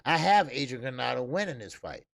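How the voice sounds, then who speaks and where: A man's voice: medium pitch, very animated, a little fast, creaky, fairly bright tone, no room sound, studio quality. A man hosting a casual boxing talk show, loose and profane, laughing at his own stories. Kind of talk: casual solo boxing commentary.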